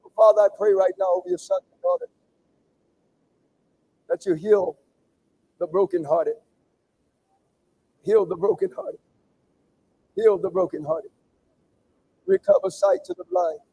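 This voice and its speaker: A man pastor leading an impassioned sermon prayer, with a fervent, repetitive preaching cadence that swings from shouts to hushed pleading. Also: high voice, huge pitch swings, measured pace, vocal fry, pauses often, breathy edge, poor audio.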